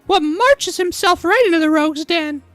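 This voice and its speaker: A man in falsetto as a scornful female rogue. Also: moderate pace, fairly bright tone, no room sound. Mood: mocking. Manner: mocking and cutting.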